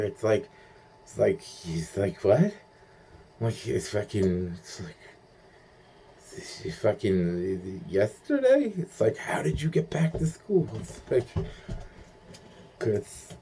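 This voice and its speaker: A man's voice: fairly low pitch, warm tone, slight background noise. A young man rambling in a profane monologue, stumbling through restarts and acting out quoted voices.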